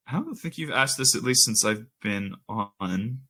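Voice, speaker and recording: A man's voice: fairly low pitch, animated, measured pace, bright, forceful tone. A man on a casual podcast, thinking aloud with lots of fillers while he works out quiz answers. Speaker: podcast host.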